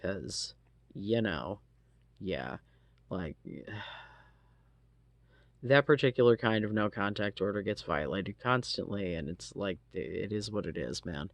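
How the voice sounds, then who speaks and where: A man's voice: deep voice, expressive, takes it slowly, creaky, long pauses, dry recording. A man telling a personal story casually, rambling with lots of fillers and frequent swearing. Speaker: storytelling vlogger.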